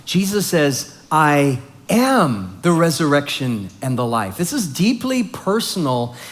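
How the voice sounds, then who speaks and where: A man teaching a Bible study, reading scripture softly and explaining it in an earnest, conversational way. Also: a little high.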